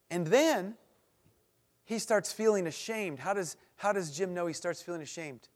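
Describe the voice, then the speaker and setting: Guy preaching to men, tells stories big then prays quiet, voice a bit high. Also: moderate pace. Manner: animated storytelling, acts out voices, drops to soft earnest prayer. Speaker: preacher at a men's gathering. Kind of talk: sermon with storytelling and prayer.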